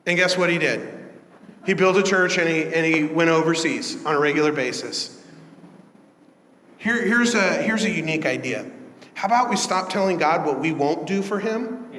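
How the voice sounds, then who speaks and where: In an echoey church sanctuary, a pastor preaches a sermon in a slightly high, fairly bright voice at normal speed, with a little hiss or hum in the recording. His style is earnest and conversational, building in emphasis.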